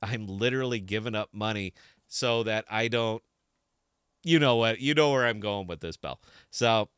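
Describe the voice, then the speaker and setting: A man's voice: on the low side, normal speed, fairly bright tone, clean tone, no echo, studio quality. Rambling man hosting a live stream. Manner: rambling and distracted, many restarts. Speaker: podcast host. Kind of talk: casual live-stream talk to camera.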